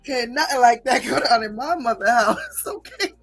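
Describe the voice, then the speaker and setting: A woman's voice: on the high side, fairly quick, gravelly, faint music behind, rough recording. A woman hosting a livestream, telling a story to her chat casually, laughing often and swearing freely. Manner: laughing, profane, animated. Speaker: livestream host.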